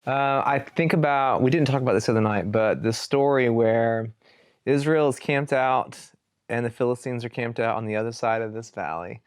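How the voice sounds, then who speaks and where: A man who is a worship pastor talks through scripture stories in a loose, animated way, full of casual fillers. His voice sits at an ordinary middle pitch for a man. The sound is dry and close, with no room echo. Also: moderate pace, clear, resonant tone. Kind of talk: conversational teaching, retelling scripture stories.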